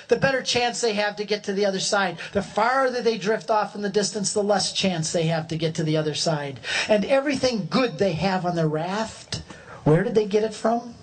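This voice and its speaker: A man in his sixties telling his conversion story as a humorous, animated parable, acting out voices and shouting in places. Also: sits high. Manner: preacherly, builds a long parable.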